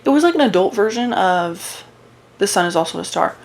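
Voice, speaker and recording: A woman's voice: medium pitch, expressive, a little fast. A young woman chatting casually about a book while crocheting, talking in a rambling way with fillers and restarts, her voice wearing out. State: losing her voice. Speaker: book vlogger.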